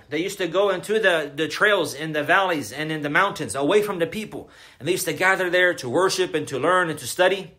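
Bright-voiced man giving an emphatic lecture. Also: a little high. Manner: emphatic, repetitive, asks the audience questions. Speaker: Islamic lecturer. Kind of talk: religious lecture.

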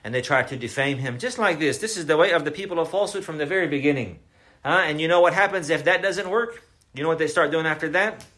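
A man's voice: a little high, fast, a bit bright. A man giving a religious lecture, emphatic and repetitive, often asking his listeners questions. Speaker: Islamic lecturer.

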